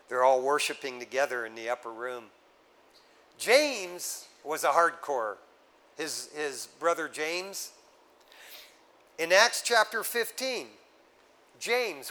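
A male pastor delivering a sermon with a slightly higher voice. He preaches in a relaxed, street-casual way and keeps calling his listeners "man." He rises into loud, urgent exhortation, then drops to low, hushed tones. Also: rough recording.

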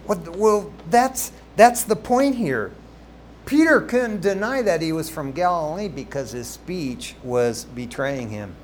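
Male pastor, fairly high voice, chatty storytelling sermon, faint background noise. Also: slow. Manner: animated, conversational storytelling with asides to the congregation.

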